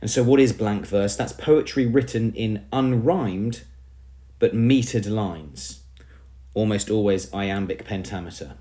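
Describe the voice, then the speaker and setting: English male teacher, lower voice, lively classroom explainer. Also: a little slow. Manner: emphatic, addresses the class as everybody. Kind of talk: classroom lesson on poetry.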